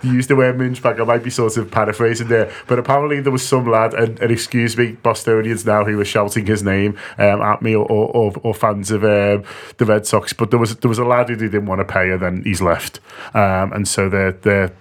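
A man's voice: fairly low pitch, flat delivery, fairly quick. A man co-hosting a podcast in casual chat, rambling with restarts and repeated words, and swearing freely. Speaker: podcast co-host.

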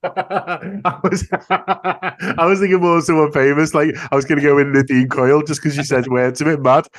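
A man's voice: fairly high pitch, steady tone, moderate pace, no echo. A man hosting a casual football podcast, chatting in an easygoing way and laughing along with his guest. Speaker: podcast host. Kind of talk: casual chat.

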